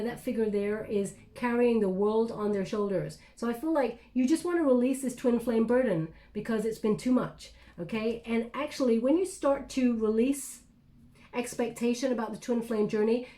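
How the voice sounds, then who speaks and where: Warm-toned woman giving a tarot reading. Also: on the high side. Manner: chatty, reflective, many ums and restarts. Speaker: tarot reader. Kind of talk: intuitive tarot reading to camera.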